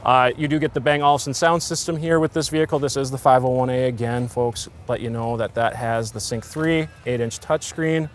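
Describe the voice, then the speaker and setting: A man's voice: medium pitch, a little fast, hardly any pauses, a little hiss or hum. Upbeat American car salesman outdoors. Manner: upbeat sales patter, many fillers. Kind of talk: vehicle walkaround presentation.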